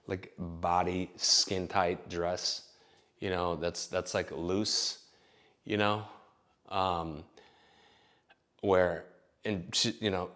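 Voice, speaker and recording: A man's voice: low voice, a bit bright. A man telling a long personal story in a casual, rambling way, full of fillers and swearing. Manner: rambling, profane, filler-heavy.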